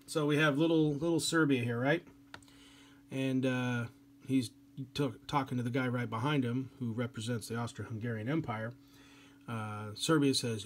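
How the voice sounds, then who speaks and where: A man's voice: medium pitch, a little fast, a little hiss or hum. Casual male history teacher lecturing. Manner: casual, chatty, filler-heavy. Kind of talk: classroom lecture.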